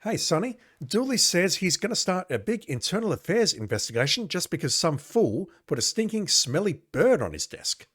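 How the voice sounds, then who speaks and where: A chatty, gossiping male cop from an old adventure game, as a man reading the game voices him. He talks up in a clearly high register with a lively, bouncing pitch. He sounds eager to share the latest office rumor. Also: normal speed, few pauses, exaggerated voice. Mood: gossipy.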